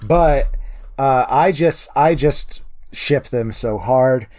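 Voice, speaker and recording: A man's voice: medium pitch, slow pace, darkish tone. A man co-hosting a podcast, chatting casually about a film with rambling, hesitant speech and lots of fillers. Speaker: podcast co-host. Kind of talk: casual movie review chat.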